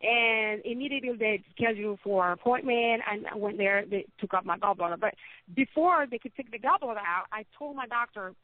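A woman telling her own story as an interview guest, halting and often repeating words as she speaks. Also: medium pitch, no room sound. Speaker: interview guest, cancer survivor. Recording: tinny phone-like line, dry.

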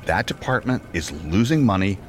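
A man playing a flustered, rambling office accountant, his voice low but bouncing all over the place as he stumbles through his excuses. Faint background noise sits under him. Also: expressive, moderate pace, natural voice. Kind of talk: audio drama acting.

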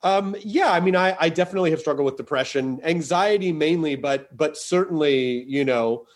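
A man chatting as a podcast guest, animated and quick, with halting restarts and casual swearing. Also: on the high side. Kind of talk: casual interview chat.

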